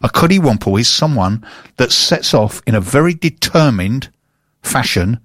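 English man, radio host, mid-pitched, teasing banter, dry close studio mic. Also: expressive, moderate pace, fairly bright tone, no echo. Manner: jokey, teasing, chatty. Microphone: studio microphone.

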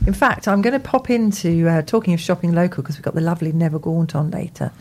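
A woman co-hosts a radio show, chatting casually and rambling from one thought to the next. Her voice sits a little low, and she laughs easily as she talks. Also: fast, darkish tone. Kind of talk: casual on-air chat.

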